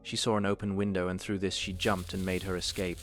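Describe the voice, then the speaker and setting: A man reading a fairy tale aloud in an animated, expressive storytelling manner. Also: low-pitched, fairly quick, faint music behind.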